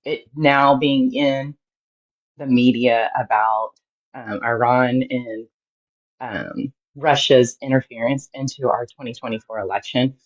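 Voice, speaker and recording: Woman caller, very deep voice, earnest, thoughtful, muffled lo-fi line. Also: fairly even intonation, measured pace. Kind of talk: call-in discussion. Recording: dull lo-fi call line.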